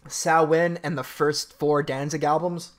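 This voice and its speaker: A man's voice: on the high side, level tone, measured pace. A man casually chatting with viewers on a live stream, reading out donations in a rambling, laid-back way, laughing often and swearing offhandedly.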